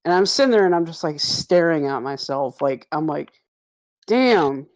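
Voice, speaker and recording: A man's voice: a little high, expressive, moderate pace. A young man telling a long, profane story in a casual voice chat with friends, laughing as he goes.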